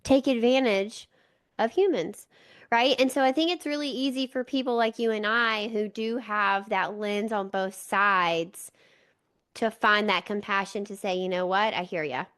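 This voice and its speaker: A woman's voice: mid-range voice, fairly even intonation, unhurried, fairly bright tone, smooth. Earnest woman podcast host. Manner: earnest and emphatic, affirming. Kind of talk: conversational podcast interview.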